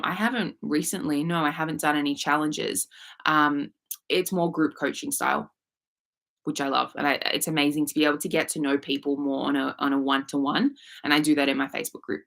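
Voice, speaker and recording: A woman's voice: deep voice, steady tone, moderate pace, vocal fry, fairly bright tone. A woman with an Australian accent, a manifestation coach talking casually on a livestream, frank and swearing freely. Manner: frank, swears casually, reads viewer comments aloud. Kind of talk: casual live coaching talk.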